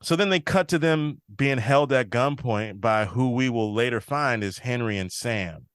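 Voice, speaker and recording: A podcast host walks through a TV episode casually, quoting the characters' lines in a slightly altered voice as he retells each scene. His medium-pitched voice is clean and a bit bright, moving at a moderate pace. The recording is studio quality with no room sound.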